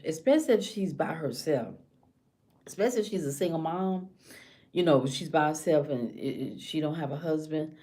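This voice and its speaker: Woman w/ aave ranting to camera, low warm voice, keeps going whispery. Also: lively intonation, moderate pace. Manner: impassioned, slips into hushed whispers acting out a scared woman's thoughts. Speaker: vlogger. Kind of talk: casual monologue to camera.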